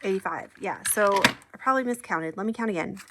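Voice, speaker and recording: A woman's voice: mid-range voice, fairly quick, noisy background. A woman chatting casually and counting money aloud, upbeat and friendly. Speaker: savings challenge creator. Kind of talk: casual chat while counting cash.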